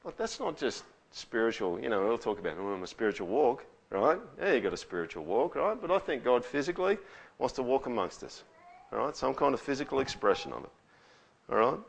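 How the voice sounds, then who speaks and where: A man's voice: medium pitch, very animated, a little fast, gravelly. A man preaching a sermon in a conversational way, often checking in with tags like "all right?". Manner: conversational, with frequent rhetorical tags. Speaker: pastor.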